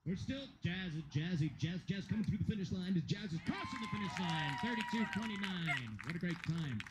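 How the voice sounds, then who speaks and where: A man's voice: sits high, animated, brisk, very noisy. A man giving rambling, joking live commentary at a dog agility competition. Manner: joking, rambling, self-deprecating. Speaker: event commentator. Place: dog agility event venue.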